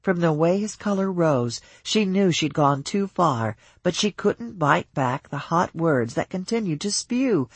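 A measured audiobook narrator carries the story at an even pace. The voice is husky and close, recorded dry. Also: mid-range voice, no echo.

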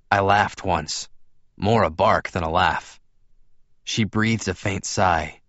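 A man reading a novel aloud in first person, calm and restrained. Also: low voice, slow pace, no room sound. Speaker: audiobook narrator. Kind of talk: first-person fiction narration. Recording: slightly dull dry studio recording.

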